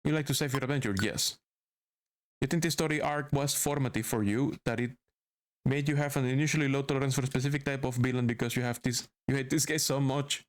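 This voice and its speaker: A man's voice: medium pitch, steady tone, fast talker. A male streamer reading through a game and reacting with jokes and swearing. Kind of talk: casual game commentary. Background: game music.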